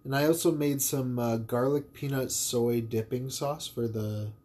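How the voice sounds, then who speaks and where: A man chatting casually and easygoing about cooking, with relaxed slang. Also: mid-range voice, a little slow, slight background noise. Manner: laid-back, easygoing slang. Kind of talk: casual chat.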